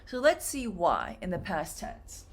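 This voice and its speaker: Woman english teacher, slow and careful, sounds out words, lively up and down voice. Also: on the low side, a little hiss or hum. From United States. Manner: slow, clearly modeled example words. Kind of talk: classroom lesson on pronunciation.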